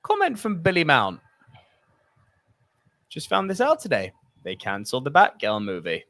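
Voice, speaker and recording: A man's voice: fairly high pitch, huge pitch swings, moderate pace, a bit bright. A young British man co-hosting a casual movie podcast, bantering and swearing freely. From Britain. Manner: banter, swearing, mock impressions. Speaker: podcast co-host.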